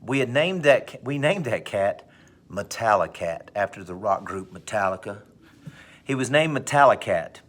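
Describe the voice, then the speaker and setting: A male teacher telling a personal anecdote to his class, with big animated swings in pitch and pace. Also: normal speed. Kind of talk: storytelling in class.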